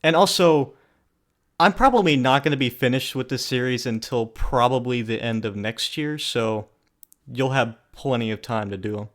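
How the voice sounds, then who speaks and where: A man's voice: medium pitch, normal speed. A man hosts a laid-back interview show, firing off questions to his guests. He talks casually and pokes a little fun at himself along the way. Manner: relaxed, self-deprecating. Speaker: host.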